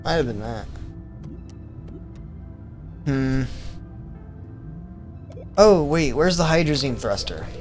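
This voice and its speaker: A man's voice: mid-range voice, lively intonation, slow, long pauses, faint music behind. A man streaming a game, thinking aloud, rambling and correcting himself, teasingly calling his viewers his vamplings while he puts on an accent. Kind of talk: casual gaming commentary.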